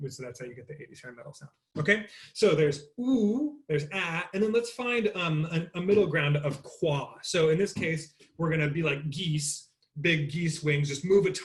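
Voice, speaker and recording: A man leading an interactive online voice lesson, talking casually with many fillers and demonstrating vocal sounds over a computer mic. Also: on the high side. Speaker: voice teacher.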